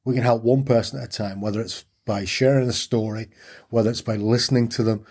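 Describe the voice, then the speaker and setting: A man's voice: medium pitch, fairly even intonation, fast, a little mellow. A middle-aged man, telling his story candidly and earnestly as an interview guest, repeating phrases for emphasis.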